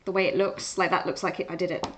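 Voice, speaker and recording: With a breathy edge, a young English woman speaks quickly in a fairly low, flat voice tinged with an Essex accent. She hosts an art live stream from home, chatting casually while drawing and rambling with fillers and restarts.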